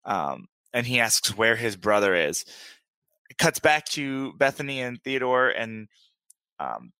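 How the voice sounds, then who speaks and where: A man co-hosts a casual podcast, telling a long recap full of fillers and bursts of laughter. His voice is bright and forward, at a middling pitch. The sound is dry and close. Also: very animated, a little slow, clean tone, dry recording. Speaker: podcast co-host. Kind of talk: casual chat.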